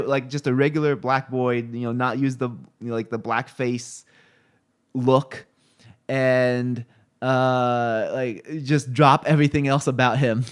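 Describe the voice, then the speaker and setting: A man talks casually on a live stream and wanders between thoughts. He stops often to search for words or to check his screen and the chat. His voice is smooth and clear, at an ordinary pitch. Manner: rambling, halting, many fillers and restarts; reads chat and looks things up on screen while talking.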